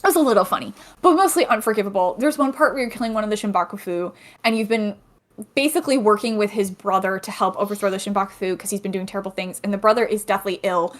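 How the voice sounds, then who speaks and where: A woman co-hosting a podcast, retelling game scenes in a lively, joking way. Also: medium pitch, fast. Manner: animated storytelling, acting out game characters. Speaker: podcast co-host. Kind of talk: casual chat.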